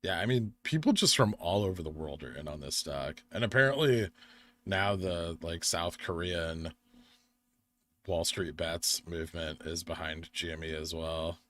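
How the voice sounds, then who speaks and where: A young American man hosts a live stream in a very low, slightly bright voice. Tired and unhurried, he rambles loosely, answering the chat while going through the charts.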